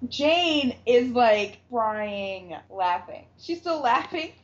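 A woman's voice: fairly high pitch, animated, drawn-out words. A woman casually recapping a TV episode, acting out the characters' lines and laughing often. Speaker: podcast co-host recapping a TV episode. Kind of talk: casual chat. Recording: dull lo-fi recording.

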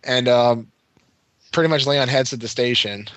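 A man's voice: mid-range voice, normal speed, a bit bright, dry recording. A man hosting a casual podcast chat, rambling with lots of "like" fillers.

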